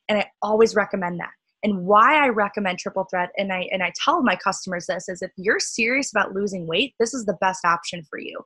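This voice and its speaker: A young woman leading a sales team call, chatty and upbeat with lots of fillers, her voice cracking and a bit hoarse. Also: mid-range voice, bright, forceful tone, dry recording, poor audio.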